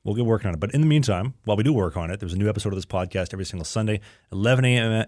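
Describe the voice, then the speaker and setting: A man's voice: lowish voice, a little mellow, dry recording, clean studio sound. A young man hosting a podcast and chatting casually in a rambling, jokey way. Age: young adult. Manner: rambling, jokey, fast-talking. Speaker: podcast host, hockey player.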